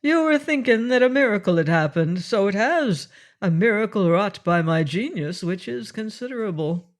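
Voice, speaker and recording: A man's voice: high-pitched, moderate pace. A man playing a sardonic, self-assured pirate captain. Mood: boastful. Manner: dry, mocking, calmly confident.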